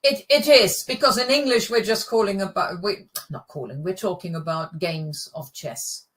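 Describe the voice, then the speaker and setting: A woman's voice: medium pitch, moderate pace, fairly bright tone. German-native woman teaching pronunciation patiently. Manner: patient, corrects pronunciation with explanations. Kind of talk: casual language lesson.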